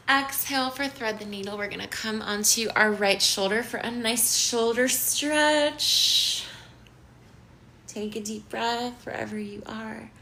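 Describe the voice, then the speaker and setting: A woman teaching a live-streamed yoga class, giving slow, soothing cues and bubbly greetings to viewers. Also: fairly high pitch, bright, forceful tone, slight background noise. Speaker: yoga instructor. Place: home studio in downtown Los Angeles.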